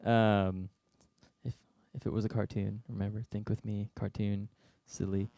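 A man's voice: fairly low pitch, slow, creaky, no echo, studio quality. Joking young man giving a sermon. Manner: joking, conversational, animated storytelling. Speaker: youth speaker. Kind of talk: casual sermon.

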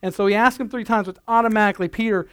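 A man with a notably high voice delivering a sermon. He speaks earnestly, leaning on repeated phrases to drive his points home. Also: fairly even intonation, very fast, smooth. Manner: earnest, building emphasis, repeats phrases for effect. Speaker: pastor.

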